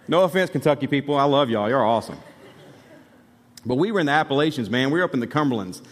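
Speaking at mid pitch, an animated, fast-talking Alabama pastor delivers his sermon conversationally but with emphasis, turning aside to address the congregation. The audio carries the long reverb of the sanctuary.

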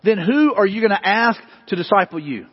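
A pastor gives an expressive, fairly quick sermon in a high, husky voice, circling back to the same questions and climbing into emphatic crescendos. The dull, lo-fi sound rings with the long reverb of a church sanctuary.

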